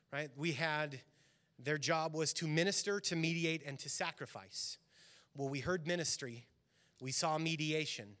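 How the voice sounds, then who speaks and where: A man's voice: fairly high pitch, a bit bright. A man preaching a sermon as pastor in a church, earnest and building emphasis on key lines. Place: church sanctuary.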